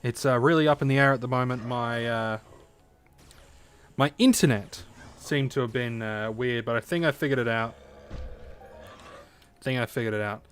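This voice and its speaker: Soft background music plays under a man's medium-pitched voice as he streams a game at a moderate pace. He rambles casually to viewers with plenty of fillers and loose swearing, heard through a desk microphone in his home streaming setup.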